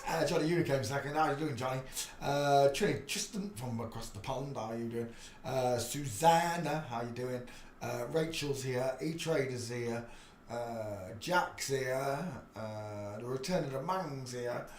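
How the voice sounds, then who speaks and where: A man's voice: mid-range voice, measured pace. A man hosting a rambling live stream, chatty and loose, laughing often between asides. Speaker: livestream host. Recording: echoey room, faint background noise.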